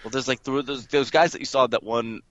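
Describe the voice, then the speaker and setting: A man's voice: medium pitch, fairly even intonation, brisk, a bit bright, dry recording. A man co-hosting a casual gaming podcast, hesitant, often trailing off and restarting his sentences. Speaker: podcast co-host. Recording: dull lo-fi dry sound.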